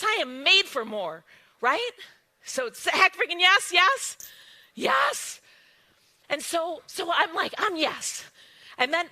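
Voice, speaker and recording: A woman giving an emphatic motivational testimony, swinging from hushed lines to exclaiming ones. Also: sits high. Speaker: guest speaker sharing her story.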